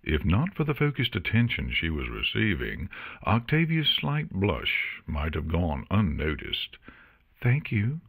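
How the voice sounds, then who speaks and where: A man reading an audiobook, narrating in an expressive storytelling manner. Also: low-pitched, measured pace, creaky, breathy edge, no room sound, studio quality. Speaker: audiobook reader.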